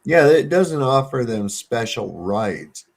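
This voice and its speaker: A man on a video-call livestream, telling stories with lots of swearing and laughter, getting loud when he retells arguments. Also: medium pitch, sing-song, slow pace. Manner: profane, storytelling, laughs often, gets heated retelling run-ins. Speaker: panel co-host. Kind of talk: casual livestream chat.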